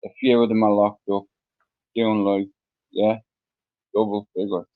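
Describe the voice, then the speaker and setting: The recording is dull and lo-fi, carrying a lowish, unhurried man's voice with little pitch movement. He's a middle-aged guest from Dublin, Ireland, telling his story casually and loosely, with plenty of fillers and curse words.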